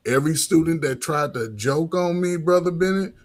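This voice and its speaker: A man's voice: fairly high pitch, moderate pace. A middle-aged man, a coach and former teacher, talking loosely in casual conversation with lots of restarts and filler words.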